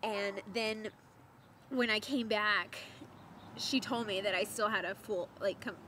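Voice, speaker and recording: A woman's voice: medium pitch, a little slow, slight background noise. Chatty young woman telling a story. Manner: chatty, animated, laughs often, repeats words for emphasis. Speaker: vlogger. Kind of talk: casual storytelling to camera.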